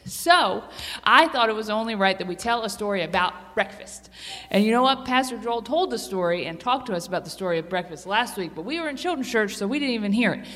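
A woman giving a children's sermon, chatty and animated, asking the kids questions as she tells a story. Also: mid-range voice, brisk. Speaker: children's church teacher. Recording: long reverb of a hall.

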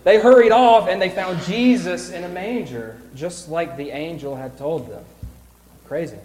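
A playful man reads a storybook to children in a large church sanctuary. His voice sits a bit high and rings out with a long, echoing hall reverb. Faint room ambience hums beneath him. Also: a little slow. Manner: playful, animated, swings between loud cries and hushed whispers. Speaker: children's pageant director. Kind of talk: reading a storybook aloud to children.

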